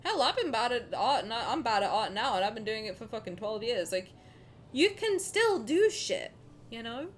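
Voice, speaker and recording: A woman streaming and chatting casually with her chat, animated and swearing freely, dropping to low mutters and then rising to loud outbursts. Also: normal speed, a little hiss or hum. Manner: reads chat questions aloud and answers them.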